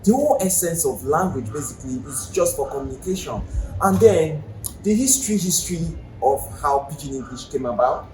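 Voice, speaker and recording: A man's voice: on the high side, expressive, brisk, darkish tone. A man with a Nigerian accent, teaching a language lesson in a chatty, explanatory way and asking the viewer questions. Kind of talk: casual video lesson. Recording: echoey room with faint ambient noise.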